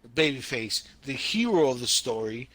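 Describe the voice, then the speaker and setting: Animated, bright-voiced male podcast host. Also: mid-range voice, moderate pace, no room sound. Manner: animated, storytelling with sound effects and wrestling slang. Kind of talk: casual chat.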